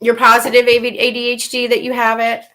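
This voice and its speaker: A woman's voice: fairly high pitch, monotone, fairly quick, sharp tone. A woman playing a melodramatic, weepy reality-TV woman in a live comedy parody, whiny and swinging into mock tears. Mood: dramatic.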